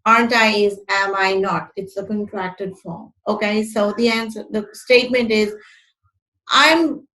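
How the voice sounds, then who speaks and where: A woman's voice: medium pitch, fairly even intonation, unhurried, bright, forceful tone, low-quality recording. A woman teaching an online English grammar lesson, who explains step by step, reads example sentences aloud and corrects her own slips.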